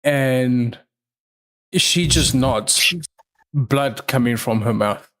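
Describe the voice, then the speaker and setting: A man narrating a tabletop role-playing game as game master, telling the scene slowly with pauses. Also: mid-range voice, fairly bright tone. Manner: slow, measured storytelling with pauses. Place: online livestream.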